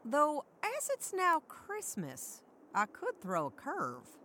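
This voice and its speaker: A woman's voice: sits high, wildly swooping pitch, slow, sharp tone, a little hiss or hum, full character voice. A woman playing a shrewd, kindly small-town sheriff in an audio drama, with folksy country talk that teases and commands. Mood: firm.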